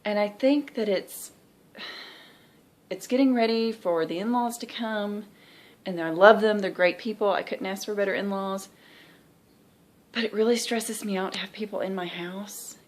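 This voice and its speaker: A woman's voice: mid-range voice, moderate pace, long pauses. A woman in her thirties with a Southern US accent, chatting candidly and rambling in a stitching vlog, sounding tired. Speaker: cross-stitch vlogger. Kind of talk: casual chat.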